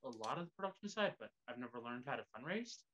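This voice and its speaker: Bright-voiced host, lots of likes. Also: male voice, mid-range voice, sing-song, quick pace, slight background noise. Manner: filler-heavy, uses like a lot. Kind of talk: casual interview chat. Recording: slightly dull lo-fi audio.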